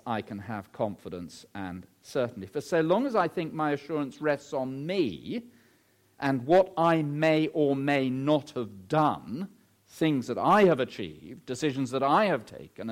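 A middle-aged man preaching a sermon, emphatic, posing rhetorical questions and swinging his pitch widely.

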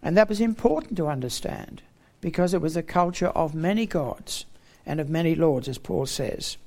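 A man delivers a Bible teaching sermon, walking through a passage and explaining it point by point. His voice sits a little high and has a gravelly, creaky edge. He stresses key words with emphatic rising tones. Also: animated, normal speed, a little mellow. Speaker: preacher.

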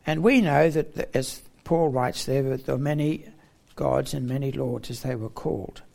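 Gravelly-voiced man teaching a sermon. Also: medium pitch, normal speed, a little mellow. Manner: expository, with emphatic rising stresses. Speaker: preacher.

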